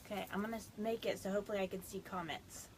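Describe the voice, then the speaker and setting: A woman talking to viewers on a casual phone live stream from her farmhouse, rambling and apologetic as she fights back tears. Her voice sits at a middling pitch, with a faint hiss of noise behind it. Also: fairly even intonation, very fast, low-quality recording. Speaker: direct sales consultant. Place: home on a small farm.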